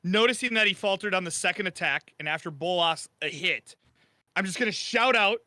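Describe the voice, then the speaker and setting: A man playing a tabletop game, excitable and cheering his rolls. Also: sits high, brisk, no room sound, clean studio sound. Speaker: player. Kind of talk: casual tabletop play.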